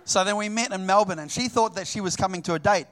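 A middle-aged New Zealand man preaches in a high-pitched voice at a fast clip, with a noisy background behind him. He tells a personal story with animated delivery, acting out both sides of the dialogue.

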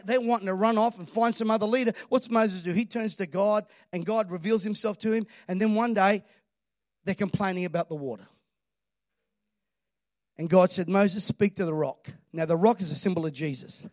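A pastor preaches with emphatic energy and keeps calling on the congregation to answer him. His voice sits notably high for a man, and the recording is close and dry, with little room sound. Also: steady tone, normal speed, a little mellow, dry recording. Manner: emphatic preaching, calls for audience response. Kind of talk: sermon.

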